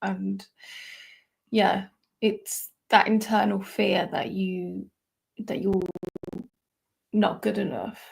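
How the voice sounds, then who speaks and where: Female co-host, gravelly and husky, casual and tentative. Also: mid-range voice, little pitch movement, slow, long pauses. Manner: chatty, laughs often, tentative. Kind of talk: casual chat.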